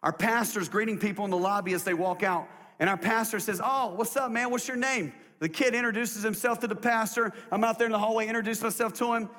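A man preaching a sermon as a pastor, telling a story in an emphatic, lively way in a church. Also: high-pitched, fast talker, few pauses. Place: church sanctuary. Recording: long hall reverb.

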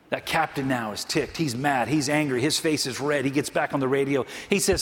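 A man preaching a sermon, telling a story and stressing key phrases slowly. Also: on the high side, fairly bright tone, long reverb tail. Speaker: pastor.

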